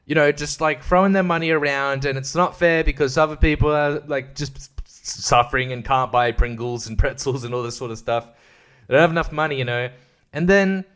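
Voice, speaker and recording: Aussie guy rambling on his podcast, kinda high voice, crude jokes, laughs at himself. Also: a bit bright, clean tone. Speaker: podcast host. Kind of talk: casual comedic rant.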